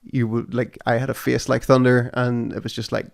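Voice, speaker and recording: A man hosting a relaxed podcast chat, his voice at an ordinary middle pitch. He tells stories with lively, sarcastic energy, leaning hard on ironic emphasis. The delivery stays conversational and unscripted. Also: normal speed, gravelly. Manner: animated, sarcastic storytelling. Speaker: podcast host.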